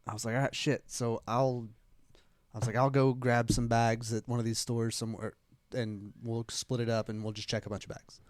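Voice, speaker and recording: A man's voice: medium pitch, little pitch movement, moderate pace, no room sound, clean studio sound. A man co-hosting a podcast, telling a long, rambling travel story in casual chat and acting out the quoted dialogue. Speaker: podcast co-host.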